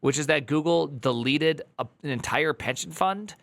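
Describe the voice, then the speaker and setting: A man giving casual, joking live-stream commentary while reacting to a video, jumping up in pitch when excited. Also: normal speed, gravelly, soft background music.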